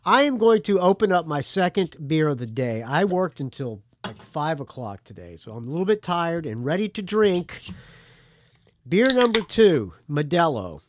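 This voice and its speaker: A man's voice: fairly high pitch, sing-song, moderate pace, a little hiss or hum. Rambling casual male podcast host. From United States. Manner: rambling, offhand, swears. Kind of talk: casual solo podcast talk.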